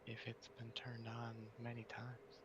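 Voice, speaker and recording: A man's voice: medium pitch, completely flat delivery, a little slow, husky. A man in casual chat, asking tentative, hesitant questions. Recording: dull slightly noisy audio.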